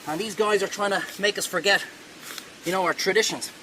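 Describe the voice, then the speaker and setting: A man's voice: sits high, a little fast, bright, forceful tone, a little hiss or hum, low-quality recording. A man hosting a cooking show, talking viewers through a hands-on demonstration in a chatty, reassuring way that wanders off topic.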